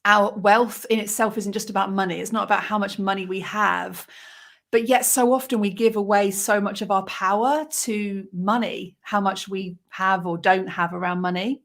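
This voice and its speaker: A woman's voice: mid-range voice, fairly even intonation, normal speed, fairly bright tone. Woman, forties, casual livestream host, chatty, emotional, greets viewers by name. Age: 40s. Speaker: author hosting a livestream.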